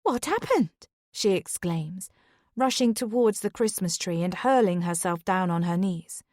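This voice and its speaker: A female audiobook narrator reads a first-person thriller in a measured, even storytelling style. Her pitch is fairly low, and the recording is dry and clean, studio quality.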